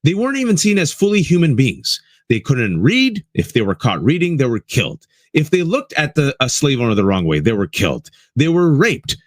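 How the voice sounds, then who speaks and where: Hosting a political commentary show, this man has a mid-range voice with huge pitch swings and speaks at normal speed. He's impassioned and keeps addressing his audience as "folks." The sound is dry and studio quality.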